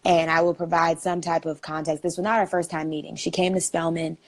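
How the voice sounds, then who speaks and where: A woman's voice: deep voice, level tone, fairly quick. A young woman in her twenties, a guest telling a story in a casual, chatty way with lots of "like" fillers.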